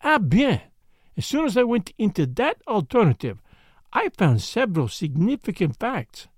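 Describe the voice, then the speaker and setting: A man reading the part of a grave, self-assured male detective with a pompous, deliberate manner. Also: high-pitched, wildly swooping pitch, slightly rough, dry recording, studio quality, voice pushed up, full character voice. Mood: explaining. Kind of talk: audiobook character reading.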